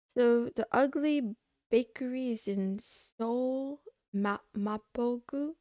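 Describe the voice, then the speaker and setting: A young woman streaming, chatting casually and rambling as she browses, thinking out loud and trailing off. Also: a little high, slow, no room sound, studio quality. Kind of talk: casual livestream chat.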